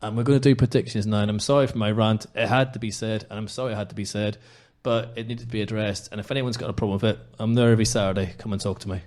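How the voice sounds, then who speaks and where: A man's voice: lowish voice, steady tone, very fast, few pauses, a little mellow. A man hosting a football podcast in casual chat, talking in an impassioned, emphatic way. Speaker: podcast host.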